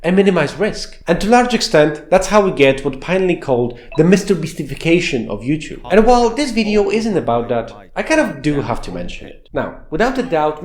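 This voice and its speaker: A man in his thirties delivers a sarcastic commentary monologue full of mocking rhetorical questions. His voice sits high and swings widely in pitch. He sounds like he is in an echoey room, with music playing softly behind him. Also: a little hiss or hum. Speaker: commentary YouTuber.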